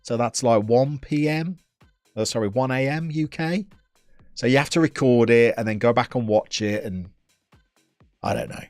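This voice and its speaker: A man's voice: medium pitch, expressive, normal speed, long pauses, a little mellow, no room sound, faint music behind. A man in his thirties from England chatting casually and teasing viewers while he streams a game from home. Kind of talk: casual live-stream chat.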